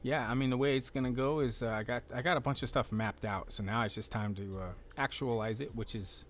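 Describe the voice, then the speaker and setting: A man chatting casually on a home livestream, his voice pitched squarely in the middle of the male range. He rambles in a relaxed, unhurried way and drops in swear words freely. A faint hum of room noise sits behind him, with the desk mic close to his mouth. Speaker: livestream host. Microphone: desk mic, close then moved closer.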